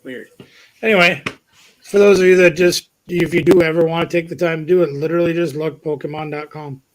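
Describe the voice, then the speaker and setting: A man's voice: on the high side, fairly even intonation, brisk, slight background noise, low-quality recording. A man, co-hosting a casual live stream and teasing viewers in chat. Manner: chatty, teasing, laughs often.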